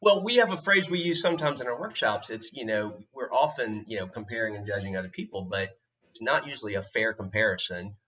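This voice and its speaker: A man's voice: on the low side, brisk, pushed and bright, highs cut off, slight background noise. A man hosting an interview podcast, speaking reflectively with small restarts. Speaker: podcast host. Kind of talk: conversational interview.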